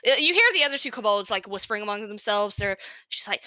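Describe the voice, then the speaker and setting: A woman narrating as game master of a tabletop game, halting and restarting often with frequent laughs. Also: mid-range voice, lively intonation, sharp tone, no echo, highs cut off.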